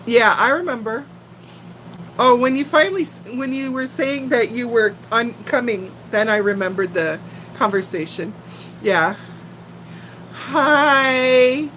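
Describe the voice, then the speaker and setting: A woman's voice: a little high, normal speed, a bit bright, a little hiss or hum, poor audio. Giggly older woman with a faint Texan accent. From Texas. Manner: chatty, giggly, talks straight to viewers. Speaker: livestream host chatting with viewers. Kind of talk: casual live chat.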